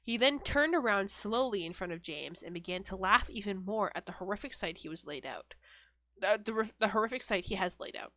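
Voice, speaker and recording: Bright-voiced young woman reading a horror story. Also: medium pitch, a little fast. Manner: reads flatly, breaks into laughs and swearing. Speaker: podcast co-host.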